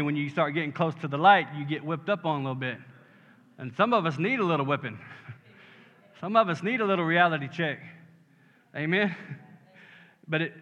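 A pastor preaches in a church sanctuary with a slightly high, bright and forceful voice. He builds to emphatic peaks in call-and-response style, repeatedly asking his congregation "Amen?". The sound is muffled, with long hall reverb.

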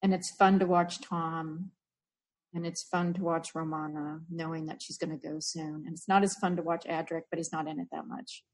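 A woman's voice: sits low, level tone, moderate pace. A woman in a casual podcast chat, talking with playful enthusiasm. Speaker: podcast co-host.

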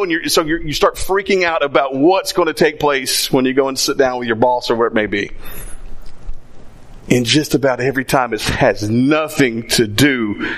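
A man's voice: mid-range voice, normal speed, a bit bright. A man preaching a sermon in a conversational way, acting out little asides. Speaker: pastor.

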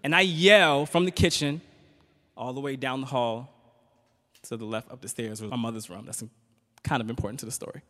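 A stand-up comedian from Virginia, speaking at an average pitch. He tells his story conversationally and keeps checking in with the crowd. His voice rings out with the long reverb of a performance hall. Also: fairly even intonation, a little fast, long pauses, fairly bright tone. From Richmond, Virginia. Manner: conversational, teasing the audience with frequent "right?". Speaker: comedian and spoken-word poet. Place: stage in a hall.

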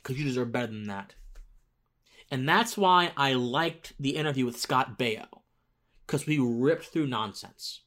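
A man's voice: mid-range voice, animated, unhurried, fairly bright tone. A man hosting a casual political monologue, rambling with restarts and rising into emphatic outbursts. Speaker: political commentary host.

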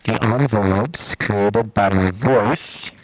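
A man walking through a modular synth patch in a casual, halting demo, with many fillers and restarts. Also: on the low side, dry recording, poor audio. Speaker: guest musician demoing a modular synth patch. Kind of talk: casual hands-on demo talk.

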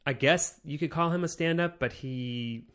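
A man's voice: a little high, moderate pace, fairly bright tone, clean tone. A man co-hosting a casual podcast discussion, hesitant and hedging as he talks. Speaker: podcast co-host.

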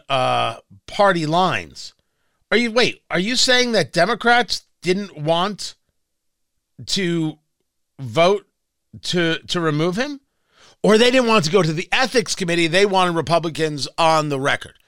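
Bright-voiced opinionated talk radio host man. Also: on the high side, dry recording. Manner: opinionated, chatty, frequent restarts.

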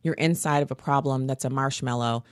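A woman hosting a faith podcast, telling stories in an animated, earnest way. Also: very deep voice, fairly quick, dry recording, clean studio sound. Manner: animated, earnest storytelling with laughs. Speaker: podcast host. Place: home studio.

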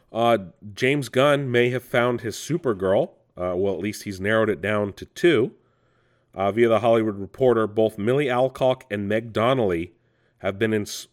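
A man with a fairly low voice hosts a casual entertainment news show. He rambles with lots of ums and uhs, and frustration creeps into his talk. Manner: rambling, frustrated, many fillers. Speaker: host.

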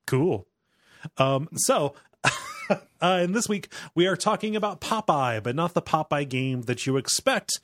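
A man's voice: a little high, huge pitch swings, a little slow, fairly bright tone, dry recording, clean studio sound. An American man co-hosting a podcast in casual chat, often restarting his sentences. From United States. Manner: hesitant, stammering restarts. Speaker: podcast co-host.

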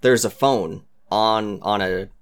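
A man with a somewhat low voice chats earnestly about a story game. He often drops to a soft murmur as he recalls details. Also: takes it slowly, clear, resonant tone. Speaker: podcast co-host. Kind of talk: casual chat.

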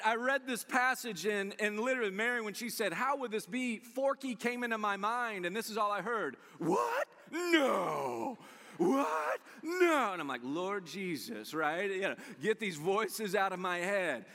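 Pastor, male, high and bright, conversational and animated, big reverberant room. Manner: animated, conversational, acts out quotes. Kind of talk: sermon. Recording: long reverb in a large room.

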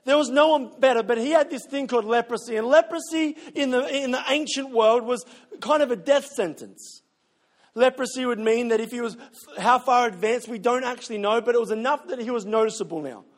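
A man's voice: very high voice, brisk. A middle-aged man, a pastor, preaching a sermon in a conversational, storytelling way, often repeating a word while he searches for the next. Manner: conversational storytelling, self-deprecating, repeats words when searching.

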